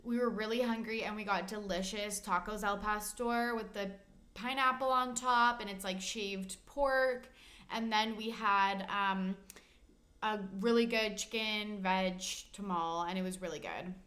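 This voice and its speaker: A woman's voice: mid-range voice, steady tone, a little slow, a bit bright. A young woman co-hosting a podcast, chatting casually and enthusiastically, swearing freely and using lots of fillers. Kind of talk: casual chat.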